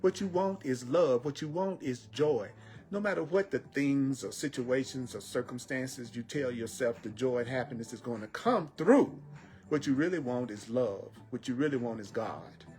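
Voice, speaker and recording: A man teaching spiritual lessons in an emphatic style, repeating phrases and slowing down on key words. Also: medium pitch, a little mellow. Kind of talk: repetitive inspirational teaching.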